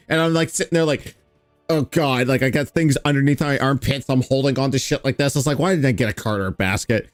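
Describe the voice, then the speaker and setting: A man's voice: medium pitch, expressive, quick pace, no room sound, soft background music. A man streaming a reaction, casually commenting with sarcasm, swearing, and laughter. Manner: sarcastic, swearing, laughing, mocking with mimicked quotes.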